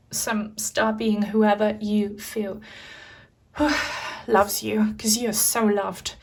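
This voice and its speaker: A woman giving a pick-a-card tarot reading, talking in an emotional, reassuring way with many fillers. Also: medium pitch. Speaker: tarot reader.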